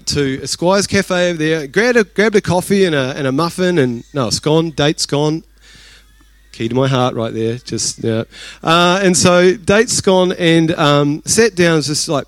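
A man's voice: fairly high pitch, no room sound. A man with a New Zealand accent preaching a sermon, telling a personal story in a chatty, self-deprecating way. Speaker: pastor.

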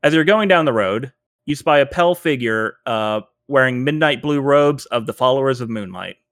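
A man running a tabletop role-playing game, narrating scenes with many pauses and filler words. His voice is smooth and resonant, recorded dry and close. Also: mid-range voice, lively intonation, fairly bright tone, no room sound. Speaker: game master.

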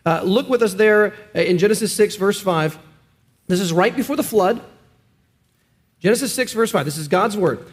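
A man with a high voice, speaking as a pastor. He tells stories and makes his points with earnest emphasis, in a sermon talk. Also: normal speed. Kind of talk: sermon discussion.

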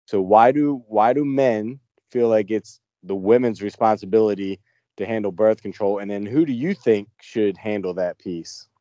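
A man's voice: on the low side, moderate pace, mellow, dry recording. Blunt, mocking man, slightly dull sound. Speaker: podcast co-host. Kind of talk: casual podcast chat.

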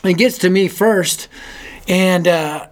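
A man hosting a youth ministry show, telling a story sermon in an animated, self-mocking way. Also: sits high, takes it slowly. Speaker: youth ministry leader and host.

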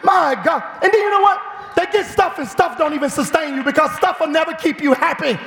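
A man preaching a fiery sermon in a church, with an animated, shouting delivery. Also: extremely high pitch, brisk, vocal fry, slight background noise. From Chicago. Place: church sanctuary. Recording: echoey church hall.

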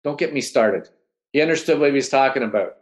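A man hosting an online talk, coaching in an energetic way and often checking in with his listeners. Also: medium pitch, quick pace. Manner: energetic, coaching, keeps asking "right?". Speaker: host and speech coach.

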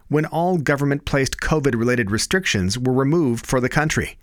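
Deadpan male comedy news anchor. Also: medium pitch, normal speed, few pauses, no echo. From Canada. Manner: dry, deadpan.

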